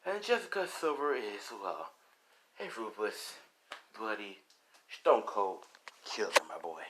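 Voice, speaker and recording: A man voicing a smug, scheming old grandfather villain who talks slowly and draws out his words. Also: lowish voice, huge pitch swings, a bit bright, a little hiss or hum, heavily acted.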